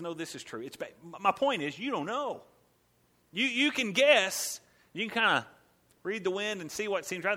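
Bright-voiced male pastor preaching. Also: fairly high pitch. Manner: conversational, emphatic, acts out quotes. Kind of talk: sermon.

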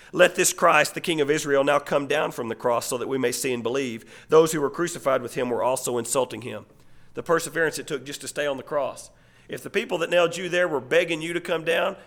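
A man preaching a sermon, reading scripture aloud and swinging from loud, emphatic declarations to hushed asides. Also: a little high. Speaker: pastor.

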